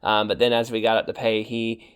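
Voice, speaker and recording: A man's voice: fairly low pitch, monotone, fairly quick, clean tone. A young man co-hosting a podcast, talking casually and chattily with fillers and restarts. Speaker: podcast co-host.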